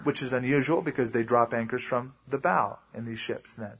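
Husky-voiced man preaching conversationally. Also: mid-range voice, fairly quick, few pauses, fairly bright tone, dull audio. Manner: conversational, explains with asides and acted quotes. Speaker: pastor. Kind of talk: sermon, verse-by-verse Bible teaching.

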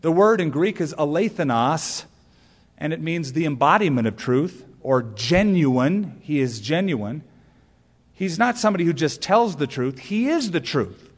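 Preaching man in a reverberant space. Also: on the high side. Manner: storytelling preacher, rhetorical questions, emphatic punch lines. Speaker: pastor. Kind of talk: sermon.

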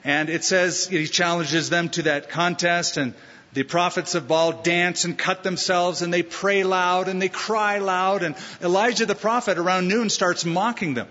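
A man preaching a sermon as a pastor, animated, with mocking asides and acted quotes. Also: sits high, a little slow. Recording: long-reverb hall, dull lo-fi sound.

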